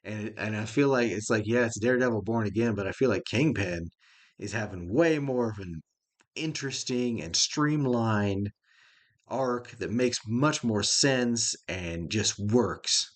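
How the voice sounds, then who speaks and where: A man's voice: fairly low pitch, unhurried. A middle-aged man giving a casual, rambling spoken review of a show, folksy and chuckling often.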